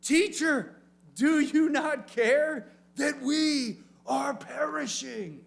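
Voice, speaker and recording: A preacher putting on frantic, panicked disciples. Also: male voice, drawn-out words, gravelly, exaggerated voice. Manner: shrill, frantic cries. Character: panicked male disciples crying out in a storm. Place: room full of young people.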